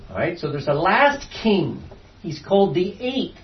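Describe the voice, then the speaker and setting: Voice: mid-range voice, big pitch swings, measured pace. A Bible study teacher leading a class, reading verses aloud, explaining them and quizzing the students as they go. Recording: distant, dull lo-fi room recording.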